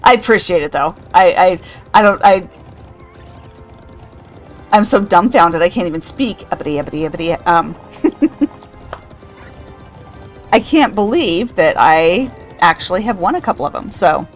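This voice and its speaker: A woman's voice: fairly low pitch, animated, unhurried, pauses often, faint music behind. An older woman streaming a game, chatting casually, reading out chat and laughing often. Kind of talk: casual live-stream chat while gaming.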